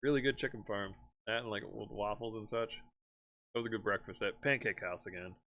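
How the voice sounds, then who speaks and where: A man's voice: on the low side, a little fast, a little hiss or hum. Chatty man rambling with frequent laughs. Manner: rambling, laughs often, animated when excited. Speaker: streamer host. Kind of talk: casual chat.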